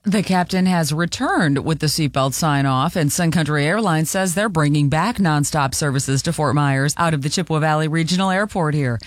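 A woman's voice: low-pitched, normal speed, few pauses, dry recording, studio quality. A woman reading local radio news headlines, with playful asides between stories. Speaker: news anchor.

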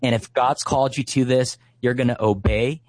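A man's voice: mid-range voice, steady tone, moderate pace, darkish tone, no room sound. A man in his thirties from Hawaii, a guest in an interview, telling a story earnestly and passionately with lots of fillers. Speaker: guest, Christian activist.

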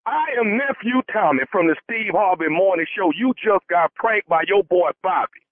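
A man on a prank phone call, complaining in a deadpan, stubborn way and making threats. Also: sits high, normal speed. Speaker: radio prank caller. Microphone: telephone. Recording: tinny phone line.

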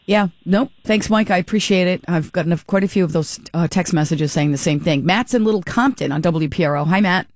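A woman hosting a call-in talk radio show, chatty and quick to laugh, often breaking off mid-thought. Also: fairly low pitch, darkish tone, dry recording, studio quality.

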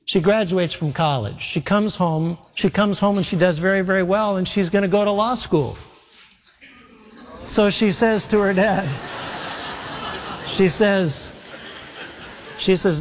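A man's voice: high-pitched, normal speed. A man preaching a sermon, telling a story and acting out the dialogue of its characters. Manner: animated, acts out quoted dialogue. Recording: long hall reverb.

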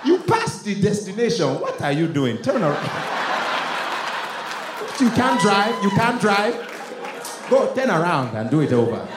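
A man's voice: high voice, sing-song, a little slow, long pauses, pitched above the performer's own voice. A man voicing a bossy male GPS with a Nigerian accent that barks scolding commands, in an echoey club with crowd noise.

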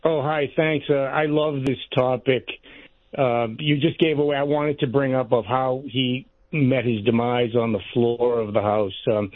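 A man's voice: medium pitch, steady tone, a little slow, no echo. A male caller on a tinny, dry phone line, telling the guest what he knows. He speaks eagerly and hesitantly, with a lot of ums. The sound is thin and close. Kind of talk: call-in radio.

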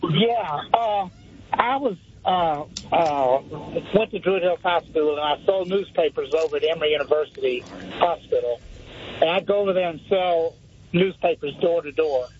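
A man's voice: fairly high pitch, normal speed, darkish tone, a little hiss or hum. A man, calling in to a radio show and telling a rambling, folksy story. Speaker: caller. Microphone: phone. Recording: dull lo-fi phone line.

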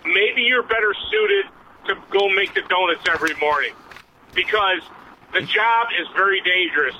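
A man's voice: sits high, normal speed, sharp tone. A middle-aged retired police officer calling in to a radio show from his car, talking emphatically and repeating himself. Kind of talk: phone-in call while driving. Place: in a moving car. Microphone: hands-free phone. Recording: dull phone line with road noise. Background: faint vehicle noise.

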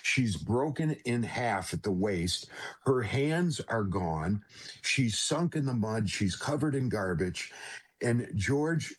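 A man, a guest on an interview show, telling a personal faith story earnestly, with halting restarts and repeated direct address to the host. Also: fairly low pitch, lively intonation, breathy edge. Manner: halting restarts at emotional moments.

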